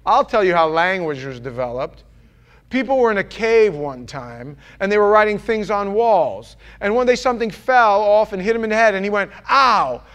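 A New York preacher with a smooth, fairly high male voice delivers a sermon. He's animated and playful, doing voices and cracking jokes along the way.

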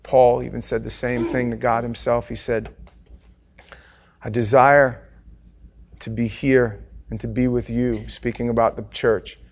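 A middle-aged male pastor delivering a sermon in a voice of ordinary, middle pitch. He drops to near-whispers and then climbs to loud, fervent peaks, acting out each quoted line. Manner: impassioned, swings from hushed to loud, acts out quotes.

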